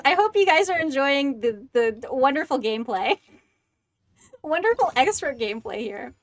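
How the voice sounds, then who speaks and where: A woman in her twenties chatting excitedly on a gaming livestream, making self-deprecating asides into a close desk microphone. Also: sits high, measured pace, no echo, soft background music. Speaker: streamer. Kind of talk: casual gaming livestream chat.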